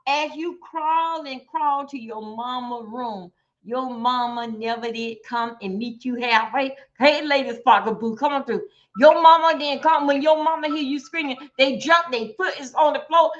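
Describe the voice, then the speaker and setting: Lady streamer, high sharp voice, cussing and going off at her chat, muffled lo-fi audio. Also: moderate pace. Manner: blunt, profane, exclamatory, talks to viewers. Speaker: livestream host. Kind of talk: casual livestream commentary.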